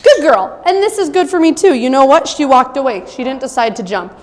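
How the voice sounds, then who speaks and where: A young adult woman dog trainer giving an instructional demonstration, explaining calmly with occasional high-pitched praise for a puppy. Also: fairly quick. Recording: long reverb with faint ambient noise.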